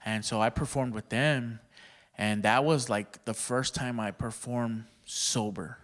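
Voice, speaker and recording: A man's voice: mid-range voice, steady tone, measured pace, a bit bright. A man from Texas, a stand-up comedian, telling stories casually on a podcast in profane slang and laughing often.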